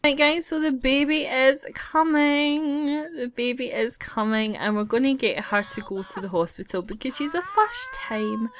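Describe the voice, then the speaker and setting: A woman's voice: medium pitch, fairly bright tone, no echo. A woman giving casual, giggly let's-play commentary, often exasperated with the characters. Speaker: gaming channel host.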